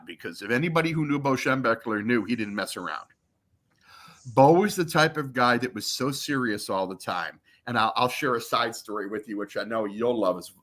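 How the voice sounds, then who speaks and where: A man in his fifties, a podcast interview guest, telling a long personal story, acting out quotes and swearing freely. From Michigan. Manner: animated, acts out quotes with big pitch jumps.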